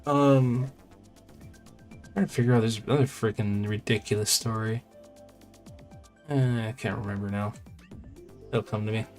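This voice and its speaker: A man's voice: lowish voice, steady tone, a little slow, pauses often, a little mellow, soft background music. A man streaming a game who tells a story in a rambling, casual way, full of fillers and repeated phrases.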